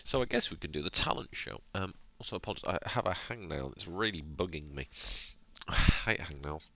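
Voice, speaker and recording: A man's voice: low voice, expressive, fairly quick, sharp tone, dry recording, dull audio. A man hosting a gaming channel, reading game text aloud in a narrated let's-play and breaking off for playful, chatty, jokey asides.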